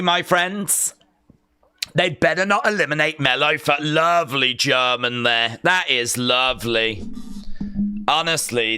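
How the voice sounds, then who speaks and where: A man streaming a live watch-along, giving excitable, chatty commentary with mock outrage. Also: medium pitch, smooth.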